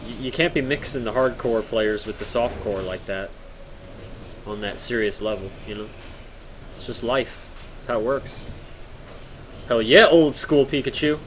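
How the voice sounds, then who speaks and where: Over poor audio with a faint background hiss, a young man with a middling voice chats while gaming on a live stream at home. He rambles, cracks jokes, and reads out and answers his viewers' messages.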